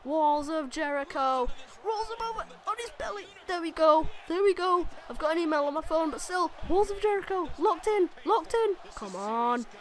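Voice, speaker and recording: Woman, high register, excitable let's-play commentator who laughs a lot. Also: moderate pace. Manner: excitable, laughs often, exclaims. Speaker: gaming commentator. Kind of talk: wrestling video game let's play commentary.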